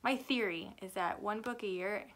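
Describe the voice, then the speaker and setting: A woman's voice: medium pitch, moderate pace, a bit bright. A young adult woman and author giving a chatty, rambling book review that often corrects itself. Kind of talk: casual book review chat.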